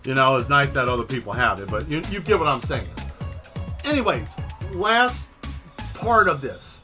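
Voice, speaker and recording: A man hosting a casual stream, telling a long exasperated story with plenty of swearing and animated asides. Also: medium pitch, normal speed, soft background music. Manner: exasperated, profane, animated retelling. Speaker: host.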